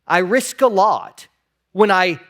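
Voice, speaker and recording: A man's voice: high voice, expressive, takes it slowly, a bit bright. A man preaching a sermon as pastor, impassioned, sometimes acting out imagined replies in a raised voice.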